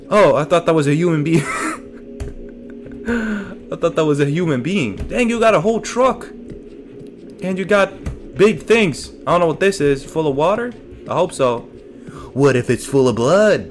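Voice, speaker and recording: A man's voice: on the high side, lively intonation, a little slow, pauses often, faint music behind. A man giving casual gameplay commentary as a streamer, joking to himself and his chat and yelping at scares. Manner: jokey, talks to himself and chat, yelps at scares. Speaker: let's play streamer.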